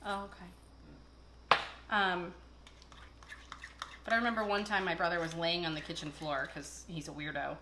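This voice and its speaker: A woman's voice: lowish voice, fairly even intonation, moderate pace, pauses often, background noise. A woman hosting a casual cooking video, chatting and telling rambling stories while she works in a kitchen. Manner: chatty, rambling storyteller with fillers. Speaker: cooking show host. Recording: echoey kitchen with clattering dishes.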